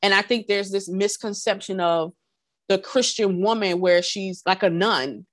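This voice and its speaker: A woman co-hosting a podcast, speaking in an animated way and acting out the voices she quotes. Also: mid-range voice, measured pace, no room sound, clean studio sound. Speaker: podcast co-host. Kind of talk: casual podcast conversation.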